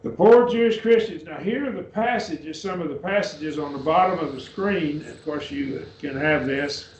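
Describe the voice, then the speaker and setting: A man's voice: fairly high pitch, normal speed. A man teaching a Bible class, explaining step by step and often checking with "okay?". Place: church classroom. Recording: echoey, distant, dull classroom recording.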